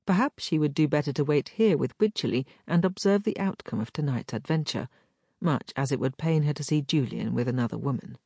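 A woman narrating a romance novel as an audiobook, with expressive storytelling. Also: low-pitched, fairly quick, gravelly, husky, dry recording, studio quality.

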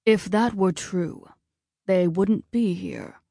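A woman voicing a stern, commanding male war god who speaks slowly and ominously, at times in a hush. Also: medium pitch, vocal fry, no room sound, clean studio sound. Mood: measured, ominous.

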